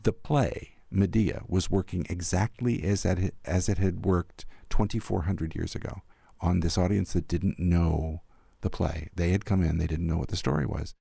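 An older man, an arts critic, recalling theater memories in a thoughtful, animated interview. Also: deep voice, moderate pace, vocal fry, breathy edge, no echo. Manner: thoughtful, warmly animated storyteller. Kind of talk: reflective storytelling in an interview.

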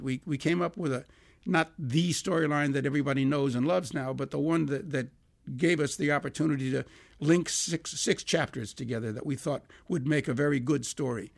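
Older man with a gravelly voice. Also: mid-range voice. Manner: animated, laughing, acts out quoted dialogue. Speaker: songwriter guest. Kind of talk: anecdotal interview storytelling.

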